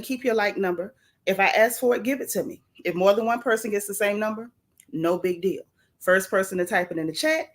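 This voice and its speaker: Here a woman with a fairly high voice chats animatedly on a casual gossip stream. She calls out viewers from the chat, leaning on swooping, playful emphasis.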